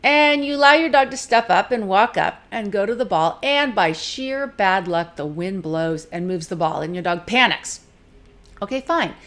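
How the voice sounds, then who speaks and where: A lively woman instructor talks through dog handling in a casual, plain-spoken way. She moves quickly between explaining and briefly acting out what an owner or a dog might say. Her tone stays practical and direct throughout. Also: mid-range voice. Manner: lively, conversational, acts out quick voices of owners and dogs. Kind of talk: recorded teaching talk.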